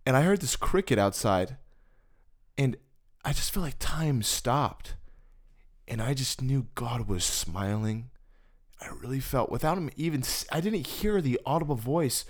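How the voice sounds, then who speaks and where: A man telling personal stories in a relaxed, casual conversation, with conversational asides to his listener. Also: mid-range voice, unhurried.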